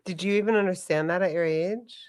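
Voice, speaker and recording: A woman with a slightly low voice hosts a relaxed interview, asking brief, quiet follow-up questions. She speaks over a video call, and her voice sounds dry and close. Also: brisk, no room sound. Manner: short, soft follow-up questions. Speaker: podcast host. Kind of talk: casual interview chat.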